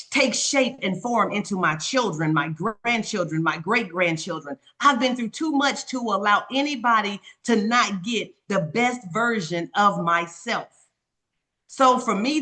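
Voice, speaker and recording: A woman's voice: mid-range voice, sharp tone. A middle-aged woman, a life coach and author, sharing her story earnestly in an interview and repeating affirmations while speaking straight to her listeners. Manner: earnest, repetitive affirmations, addresses listeners directly. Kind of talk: personal testimony in an interview.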